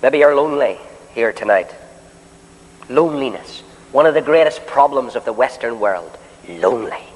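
A man preaching a sermon in a meeting hall, swinging between loud, drawn-out declarations and soft, pleading questions aimed straight at the listeners. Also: medium pitch, expressive. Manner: addresses listeners directly with questions. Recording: long hall reverb.

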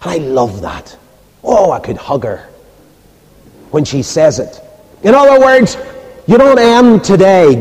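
A man preaching a sermon with emphatic, rhetorical delivery, then dropping soft and low as he leads a prayer. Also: animated, measured pace, pauses often. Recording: reverberant hall.

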